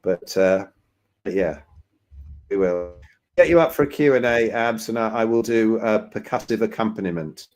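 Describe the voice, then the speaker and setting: A man's voice: fairly low pitch, normal speed, darkish tone. A man hosting a casual online Q&A over a video call, full of teasing, jokey banter with his guest. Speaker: host.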